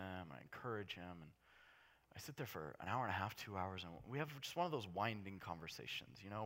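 A man preaching a sermon as a pastor, impassioned and swinging between hushed storytelling and loud, urgent delivery. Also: lowish voice.

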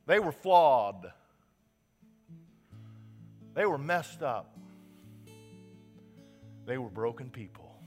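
A man's voice: medium pitch, big pitch swings, very slow, long pauses. A male pastor preaching a sermon with passion, stressing his points by repeating words. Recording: reverberant hall with soft guitar.

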